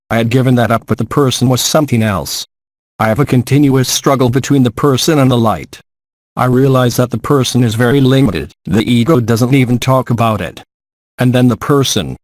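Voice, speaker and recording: A man's voice: mid-range voice, dry recording. Man reading a dry, close translation. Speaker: translation voice-over. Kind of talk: voiced-over English translation of a spiritual gathering.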